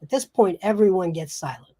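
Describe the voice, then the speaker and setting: A woman narrating a tabletop role-playing game as game master, in a halting way with frequent restarts. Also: fairly low pitch, lively intonation, dark tone, husky. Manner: halting, many fillers and restarts.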